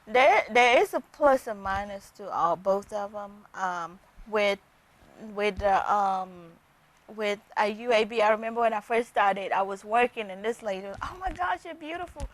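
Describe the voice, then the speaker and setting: A woman's voice: medium pitch, measured pace, poor audio. A woman who works as a nurse practitioner, speaking as a guest on a TV health interview and telling chatty stories from her work. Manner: chatty storytelling, acts out patients' lines.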